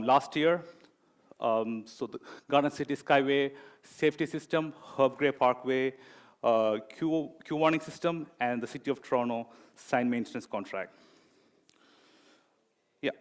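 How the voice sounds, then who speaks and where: A man presenting as a project manager in a corporate talk, pausing often with fillers. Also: medium pitch. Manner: hesitant, many fillers.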